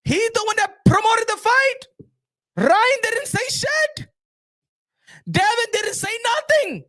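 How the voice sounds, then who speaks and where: A man doing an impression of a boastful, rich male boxing promoter, shouting and swearing in exasperation. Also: extremely high pitch, lively intonation, slow pace, pitched above the performer's own voice, exaggerated voice.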